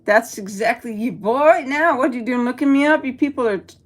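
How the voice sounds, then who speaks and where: Live-stream host, woman from El Paso, middle-aged, blunt and profane, a bit high-pitched. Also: a little fast. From El Paso, Texas. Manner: blunt, profane, talks back to chat. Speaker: livestream host reading chat. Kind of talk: casual live-stream chat.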